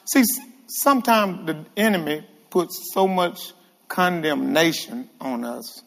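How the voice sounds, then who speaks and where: A man preaching a sermon to a congregation, animated and calling out to the room. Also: on the high side, slow pace, gravelly, in a large hall. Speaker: guest preacher. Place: church hall with congregation.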